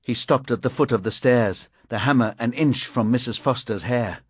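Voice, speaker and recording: A man reading a crime thriller audiobook in measured, grim first-person narration. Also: mid-range voice, slightly rough, no echo. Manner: measured, grim, deliberate delivery.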